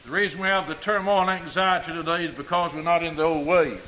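A high-pitched male preacher with a rural American country accent, swinging from low, quiet passages up to fervent, loud declarations. He draws scripture out slowly and deliberately. The recording is dull and lo-fi. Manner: rising to fervent shouts, slowing on scripture. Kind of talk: sermon.

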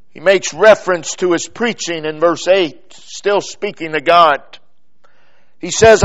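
A man preaching a sermon, delivering it deliberately with dramatic pauses and phrases that fall away at the end. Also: fairly high pitch.

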